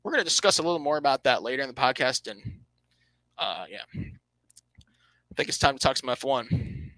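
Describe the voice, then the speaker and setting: A man hosting a motorsport podcast, breaking down standings and races in an animated, emphatic way, often correcting himself mid-sentence. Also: mid-range voice, normal speed, rough recording. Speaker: podcast host.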